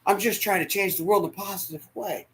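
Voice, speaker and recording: A man preaching a sermon as pastor, emotional, dropping to near whispers and rising to shouts. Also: sits high, fast. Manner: emotional, swings from hushed to shouting. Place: church sanctuary.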